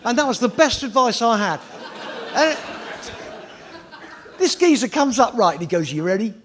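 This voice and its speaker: A man telling a story in a casual chat, animated and sweary, acting out other people's lines. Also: very high voice, unhurried, some chatter behind. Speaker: TV presenter telling stories.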